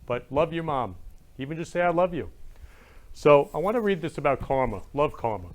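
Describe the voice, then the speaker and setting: A man's voice: a little high, big pitch swings, a little fast. A man hosting a talk show, gushing with emotion and often exclaiming, in casual chat. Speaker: show host.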